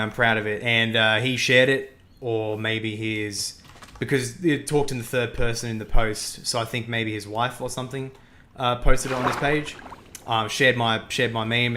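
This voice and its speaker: A young man hosting a live gaming stream, talking casually and musing out loud. He often repeats himself and breaks off to react to the game and the chat. His voice sits at an ordinary middle pitch over a faint hiss. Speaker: livestream host.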